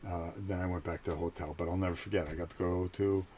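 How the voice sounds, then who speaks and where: A middle-aged man with a somewhat low voice hosts his own channel and tells a personal story in a loose, rambling way. He slips into the voices of the people he quotes. A faint hiss sits under his voice. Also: quick pace. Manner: animated, acts out quoted conversations. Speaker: channel host. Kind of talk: casual storytelling monologue.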